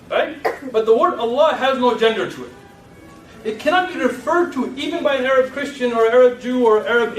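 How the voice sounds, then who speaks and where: A man giving a lecture to an audience in a lecture room, asking rhetorical questions and teasing his listeners. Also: very high voice. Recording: echoey room from far off.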